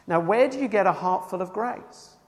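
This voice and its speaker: A man preaching a sermon, emphatic and earnest, moving between loud cries and hushed tones. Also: high-pitched, lively intonation, moderate pace, big-room sound.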